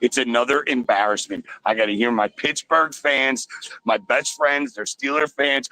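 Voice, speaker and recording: A man calling in to a sports talk show from a store, ranting angrily and loudly with plenty of swearing. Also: mid-range voice, animated, moderate pace, low-quality recording. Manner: angry, loud, swearing rant. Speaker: caller. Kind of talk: call-in sports radio rant.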